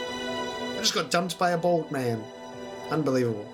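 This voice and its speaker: A man's voice: a little high, animated, moderate pace, long pauses, music in the background. A man reacting to a video game as a let's-play host, exasperated and rambling, often swearing.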